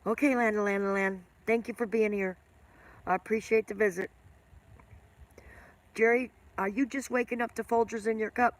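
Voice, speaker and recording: A woman's voice: medium pitch, steady tone, normal speed, long pauses. Chatty older woman with a smoker's cough. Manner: rambling, chatty, answers viewer comments by name. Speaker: live-stream host. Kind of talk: casual live-stream chat with viewers.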